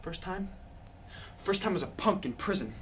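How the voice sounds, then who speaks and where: A teen girl drops her voice into a gruff male hood, blunt and hotheaded, his delivery clipped and swinging wide in pitch. He growls low between outbursts. It sounds like a stage piece with faint room sound behind. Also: animated, moderate pace, a bit bright, a little hiss or hum. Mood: menacing. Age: teens. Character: tough hotheaded male gangster, blunt and menacing. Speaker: high school forensics performer. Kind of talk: competitive dramatic interpretation.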